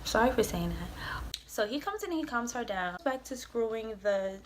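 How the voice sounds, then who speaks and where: A woman's voice: fairly high pitch, expressive, normal speed, slight background noise. Rambling, profane young woman telling a story. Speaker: vlogger. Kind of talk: storytime vlog.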